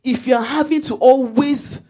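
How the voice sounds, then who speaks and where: A woman from Nigeria with a Nigerian accent, preaching a lively sermon in church and telling stories with frequent laughter. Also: sits high, measured pace. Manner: lively, storytelling, laughs often, emphatic exhortation. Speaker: church speaker.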